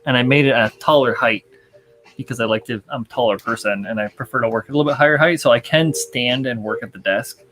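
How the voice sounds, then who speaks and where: A man's voice: medium pitch, fast, fairly bright tone. A young man hosting a model-building livestream in loose, rambling chat, full of fillers and casual swearing. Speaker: livestream host.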